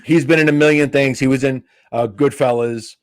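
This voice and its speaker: Man, comedian guest, mid-pitched voice, dry close recording, animated anecdote telling. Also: moderate pace, dry recording. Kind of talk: casual storytelling.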